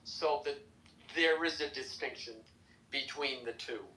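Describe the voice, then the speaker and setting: A man in a political podcast discussion, measured and correcting a point. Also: a little high, pushed and bright, roomy sound, a little hiss or hum, poor audio.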